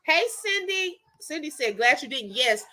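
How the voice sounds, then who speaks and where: Animated woman, high lively voice. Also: moderate pace. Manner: animated, laughing, addresses viewers as y'all. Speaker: livestream host chatting with viewers. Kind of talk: casual storytelling chat.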